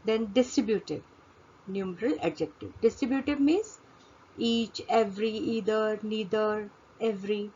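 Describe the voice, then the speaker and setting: A woman teaching a grammar lesson, speaking deliberately and answering her own questions to drive each point home. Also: medium pitch, warm tone, slight background noise. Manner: slow, deliberate, repeats key words as questions and answers. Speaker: English teacher. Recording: dull lo-fi recording.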